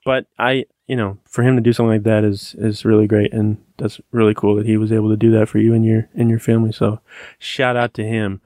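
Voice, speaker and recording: An easygoing man hosts a casual podcast, talking at a middle pitch. His voice is close and dry, with no room sound. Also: flat delivery, fast, dark tone, dry recording. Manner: easygoing, lots of short backchannels. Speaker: podcast host.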